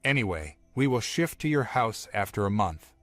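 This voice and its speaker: Guy reading as a confused naive old grandpa, keeps asking what's going on, flat dry read, bit of music under it. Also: lowish voice, normal speed, no room sound. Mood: puzzled. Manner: pleading, confused questions.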